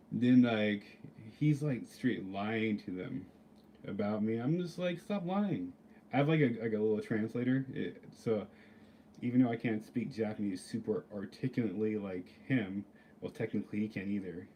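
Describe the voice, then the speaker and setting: A man tells a workplace story straight to the camera in a loose, profane ramble, full of "like" and "you know". His voice sits on the low side and has a dark, mellow tone. There is a faint hum of ambience behind him. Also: moderate pace. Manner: rambling, profane, lots of "like" fillers. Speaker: vlogger. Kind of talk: casual storytelling rant.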